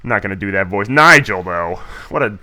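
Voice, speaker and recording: A man's voice: lowish voice, animated, fairly quick, bright, forceful tone. A man hosting a let's play, commenting in a wry, easygoing, joking way. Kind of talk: casual game commentary.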